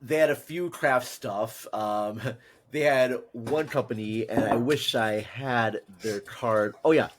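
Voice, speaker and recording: Man, podcast host, from Minnesota, casual rambling chat, mid-pitched voice. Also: slight background noise. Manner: rambling, halting, restarts with many fillers.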